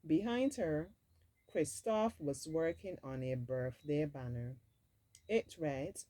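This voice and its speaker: A woman's voice: sits low, animated, slow pace, warm tone, rough recording. A woman reading a storybook aloud expressively, dropping in casual asides of her own. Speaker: storybook reader.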